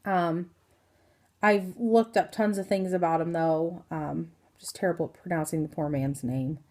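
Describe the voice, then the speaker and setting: A woman's voice: fairly low pitch, steady tone, moderate pace, a little mellow. A woman in her thirties from Indiana giving a rambling, casual health update to her phone camera, full of ums and self-corrections. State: hiccups. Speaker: vlogger.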